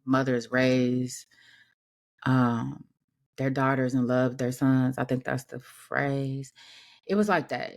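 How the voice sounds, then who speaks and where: Candid woman sharing a personal story. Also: extremely low pitch. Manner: candid, emotional, conversational with frequent fillers. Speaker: podcast host. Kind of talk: personal reflective monologue.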